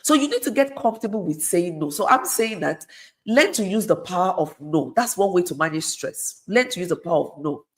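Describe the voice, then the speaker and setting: With a fairly low pitch, big swings in intonation, and a slightly fast pace, a middle-aged woman talks as a guest. Her advice comes across earnest and chatty, with phrases repeated for emphasis.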